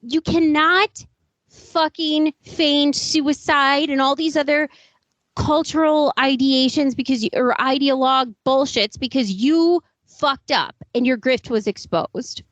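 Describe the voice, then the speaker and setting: A woman's voice: sits high, slow, a bit bright, no room sound. A woman co-hosting a podcast, ranting in an indignant, profane and emphatic way in casual commentary. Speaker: podcast co-host. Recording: dull, lo-fi, dry sound.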